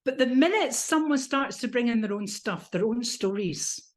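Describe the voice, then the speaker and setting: A British woman coaching people on how to present, talking with animated energy. Her voice sits fairly high for a woman, and she runs through vocal exercises as she teaches. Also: normal speed. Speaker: NLP coach and trainer.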